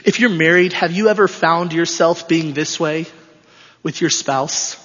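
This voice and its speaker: A man's voice: on the high side, a little slow, fairly bright tone. A male pastor preaching an expository sermon in a church, emphatic and repeating his phrases for stress. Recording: dull lo-fi sound with long hall reverb.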